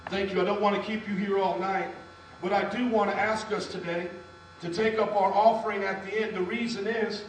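Male pastor, high voice, storytelling sermon, booming hall sound, mic well off, low mains hum. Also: distant mic. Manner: storytelling preacher, calls on the congregation to respond.

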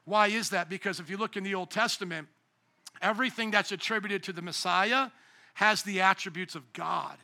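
A male pastor preaching a sermon in an animated way, acting out quoted lines with a raised voice. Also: high voice, normal speed, vocal fry.

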